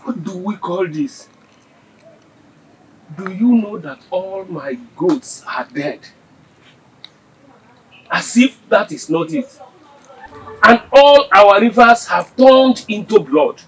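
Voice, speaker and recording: An actor with a Nigerian accent playing a troubled village elder who laments and questions what is happening. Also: male voice, high voice, animated, slow, long pauses, slight background noise, poor audio. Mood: lamenting. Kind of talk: Nigerian film drama.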